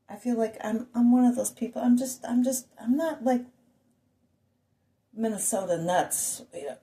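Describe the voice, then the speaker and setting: Woman vlogger, ranting monologue, rambling with asides, somewhat high voice. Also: lively intonation, moderate pace, warm tone. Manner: rambling, with rhetorical questions and asides.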